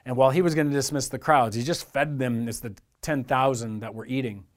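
A man's voice: mid-range voice, steady tone, fairly quick. A man preaching a sermon as pastor, in an earnest, conversational way with lots of repetition.

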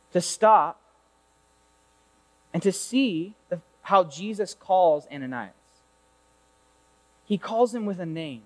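A male youth pastor tells a Bible story in an animated, chatty way, pausing to fire rhetorical questions at the room. His voice sits high for a man, and each phrase rings out into the long reverb of a large hall. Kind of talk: sermon.

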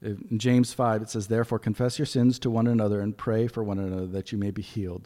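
A man's voice: on the low side, dark tone, big-room sound. A man giving a conversational sermon with folksy asides as preacher.

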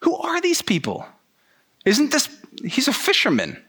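A man putting on a shrill scoffing temple elder. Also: wildly swooping pitch, a little slow, fairly bright tone, breathy edge, exaggerated voice. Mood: incredulous. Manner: incredulous, scoffing questions. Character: bewildered male temple leader, indignant. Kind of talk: sermon storytelling.

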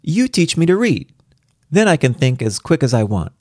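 A man's voice: a little high, sing-song, normal speed, a little mellow, no echo, clean studio sound, voice pushed up. A man reading aloud and voicing a precocious, impatient little girl of four with a demanding, impish manner.

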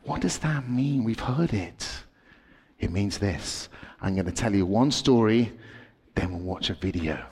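A man preaching to children and telling stories dramatically, swinging from excited to hushed. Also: on the low side, unhurried, breathy edge, in a large hall. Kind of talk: storytelling sermon to children.

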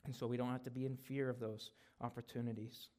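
Man preaching, mid-range voice, casual and conversational, pushes louder to stress a point and softens to finish it. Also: level tone, fast. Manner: conversational, often tags lines with "right?"; grows louder and higher on emphasis, drops soft to close a point. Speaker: guest preacher. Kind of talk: expository sermon.

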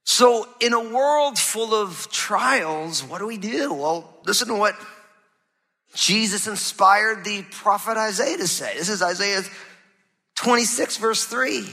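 High, bright preacher in a reverberant hall. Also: male voice, slow pace. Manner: animated preaching, swinging between loud emphasis and hushed low passages. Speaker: pastor. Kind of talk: sermon.

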